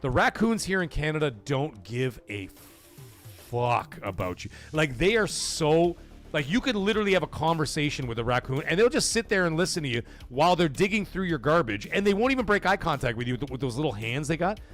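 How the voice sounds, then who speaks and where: A man's voice: a little high, sing-song, fairly quick, fairly bright tone, soft background music. A man hosting a casual gaming livestream, joking, swearing and bantering with his chat. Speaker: livestream host.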